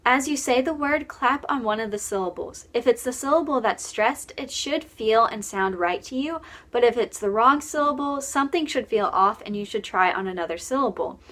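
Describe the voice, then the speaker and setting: A woman's voice: fairly high pitch, animated, moderate pace, a bit bright. A woman narrating a scripted poetry lesson and announcing each numbered section.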